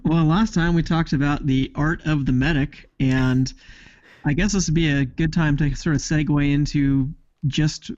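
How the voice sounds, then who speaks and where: A man's voice: fairly high pitch, steady tone, normal speed, a little mellow, no room sound, highs cut off. A man co-hosting a podcast in casual chat, talking things through with dry, sarcastic humor. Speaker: podcast co-host.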